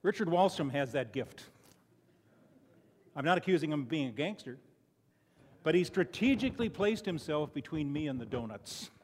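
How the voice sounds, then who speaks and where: A man's voice: fairly high pitch, lively intonation, normal speed, pauses often, breathy edge, in a large hall. An older man from Chicago giving a folksy, conversational sermon full of personal stories, often restarting his sentences. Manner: folksy, conversational, frequent restarts and "you know". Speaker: lay preacher. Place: church sanctuary.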